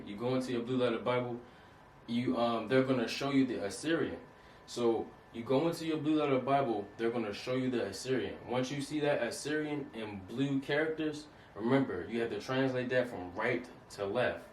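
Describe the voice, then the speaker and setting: A man's voice: medium pitch, a little fast. Guy teaching a lesson, keeps asking okay? you get it?, sounds off-mic in an echoey room. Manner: repeats points, checks in with "okay?" and "you understand that?". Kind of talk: casual instructional talk. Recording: echoey room, distant mic, faint hiss.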